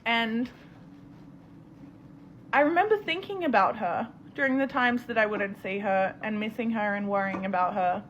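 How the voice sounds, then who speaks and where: Woman, soft reflective storytime, mid pitch. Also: moderate pace, muffled recording, a little hiss or hum. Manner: gentle, reflective, tender. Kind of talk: casual storytime.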